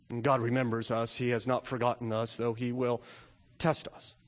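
A man's voice: medium pitch, little pitch movement. Man preaching in a reverberant hall. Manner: earnest preaching, rising to emphatic questions and dropping to soft, slow storytelling. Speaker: pastor. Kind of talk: sermon.

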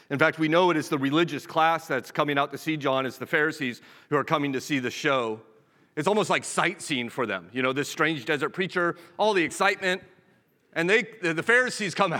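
A man's voice: a little high, pushed and bright. A man preaching to his congregation in a slightly raised voice, earnest and direct, often stopping to restart a phrase. His sermon rings out in a long, reverberant hall. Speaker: pastor.

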